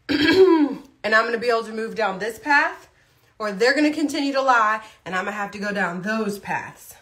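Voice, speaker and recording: A woman's voice: on the high side, a bit bright. A woman talking casually on a livestream, blunt and chatty, chewing food as she speaks. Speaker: vlogger.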